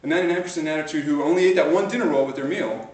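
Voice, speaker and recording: Racing along in a slightly high voice with a darkish tone, the man delivers a motivational talk to a live audience, turning stories into pumped-up exhortation. The large room is echoey, and the camcorder recording it sits far away.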